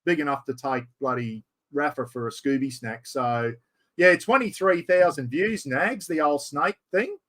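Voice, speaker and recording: A middle-aged Australian man chatting casually as host, telling animated stories. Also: fairly high pitch, a little slow. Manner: yarn-spinning, animated storyteller. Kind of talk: casual chat.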